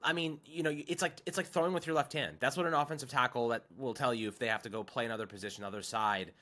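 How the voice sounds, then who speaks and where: A man's voice: mid-range voice, fairly even intonation, fast talker, bright, forceful tone. A man co-hosting a sports podcast, giving emphatic, opinionated football analysis. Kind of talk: casual sports talk.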